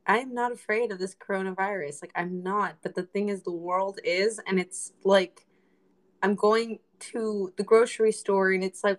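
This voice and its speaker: A woman's voice: medium pitch, steady tone, moderate pace. A young woman chatting casually on a livestream, rambling and joking with her viewers. She teases people in a playful way and drops Spanish slang between her English phrases. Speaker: livestream host.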